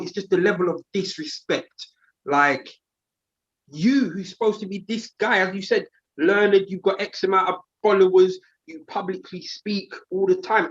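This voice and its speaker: A man's voice: high-pitched, husky, highs cut off. A man, talking heatedly and indignantly in a casual podcast discussion, using slang. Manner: animated, indignant, uses slang.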